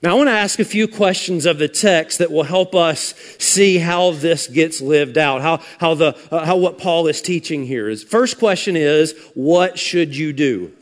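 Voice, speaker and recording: A man preaching a sermon as pastor, emphatic and sarcastic, swinging from loud punches to hushed lines. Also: fairly high pitch, a little slow, hardly any pauses. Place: large church sanctuary. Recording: long hall reverb.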